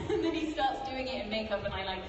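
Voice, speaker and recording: High giggly woman telling a story. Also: expressive, brisk, over a noisy crowd, heavy background noise. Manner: giggly, mimics a colleague mid-story. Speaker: actress on a fan convention panel. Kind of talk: animated anecdote. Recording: echoey hall recorded from far off.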